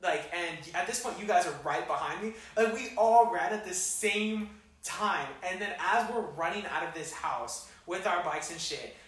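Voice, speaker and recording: A young man telling a wild story on a casual podcast, animated and full of slang and swearing. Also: high voice, normal speed. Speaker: podcast co-host. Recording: echoey room, distant mic, faint noise.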